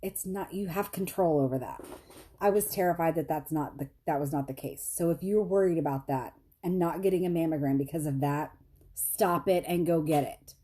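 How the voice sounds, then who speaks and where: Chatty low-voiced woman vlogger. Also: normal speed, dark tone, breathy edge. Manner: chatty, self-deprecating, laughs often, quotes others in high voices. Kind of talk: casual storytelling to viewers.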